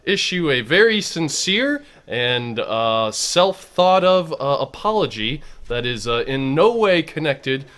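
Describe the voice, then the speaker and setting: A man's voice: fairly high pitch, sing-song, slow pace, hardly any pauses, fairly bright tone. A man hosting a comedy show, bantering playfully and mock-solemn.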